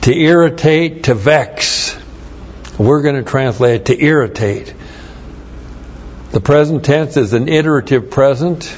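A man's voice: mid-range voice, unhurried, long pauses, highs cut off, a little hiss or hum. A man preaching verse by verse, explaining Greek grammar, spelling words out and repeating phrases for emphasis. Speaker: pastor. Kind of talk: verse-by-verse Bible teaching.

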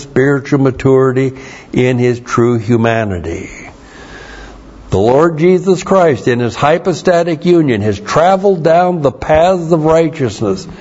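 A man preaching a Bible teaching sermon, explaining Greek words slowly and spelling them out letter by letter. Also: a little high, a little mellow. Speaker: pastor. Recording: dull lo-fi sermon recording.

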